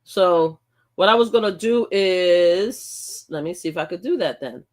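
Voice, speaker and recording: An older woman hosting her own live stream speaks at a measured pace in a lowish, somewhat mellow voice. Her casual chat is outspoken and lively, full of repeated words and frequent laughs.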